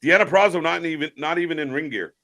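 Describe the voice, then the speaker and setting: A man's voice: a little high, fast talker, pushed and bright. A man co-hosting a live wrestling watch-along, chatting casually, swearing now and then, and greeting viewers in the chat. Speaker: live stream co-host.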